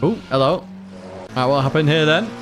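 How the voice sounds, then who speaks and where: A man's voice: fairly high pitch, moderate pace. A man from Blackpool, chatting casually and rambling while streaming a racing game and reading out chat. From Blackpool, England. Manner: chatty, rambling, reads out chat and laughs often. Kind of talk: casual livestream commentary. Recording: game engine noise behind.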